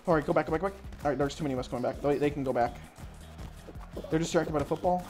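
Excitable woman streamer shouting over game music. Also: low-pitched, quick pace. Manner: excitable, shrieks and yells at wins and falls. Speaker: gaming streamer. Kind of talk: excited let's-play commentary.

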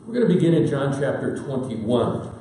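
A man preaching a sermon in a folksy storytelling manner with dramatic pauses. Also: medium pitch, very animated, mellow, a little hiss or hum. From Pacific Northwest, United States. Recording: very echoey hall, voice from far off.

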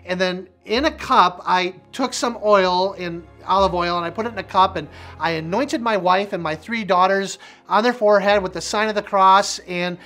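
A man's voice: high voice, moderate pace, hardly any pauses, sharp tone, faint music behind. Middle-aged man telling a vivid testimony. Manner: vivid storytelling with emphatic repetition. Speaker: minister sharing his testimony. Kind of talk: emphatic personal testimony.

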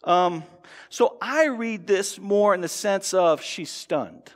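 A man with a high voice preaches in a church, his words ringing with a long hall reverb. He talks casually to the congregation, stumbling into restarts and slipping into quoted voices. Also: lively intonation, slow. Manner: conversational preaching with frequent restarts and acted-out quotes. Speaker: pastor. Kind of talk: sermon. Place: church sanctuary.

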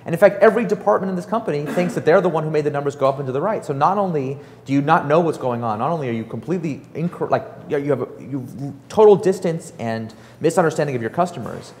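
A man giving a casual, animated talk to an audience, full of fillers and acted-out quotes. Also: a little high, fast talker, few pauses, in a large hall, slight background noise. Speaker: startup author and speaker.

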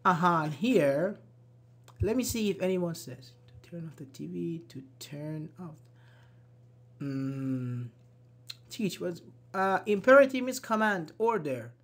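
Slow-paced online English teacher. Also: medium pitch, lively intonation. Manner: slow, repeats examples, apologizes and laughs at own slips. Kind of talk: live-streamed grammar lesson reading chat.

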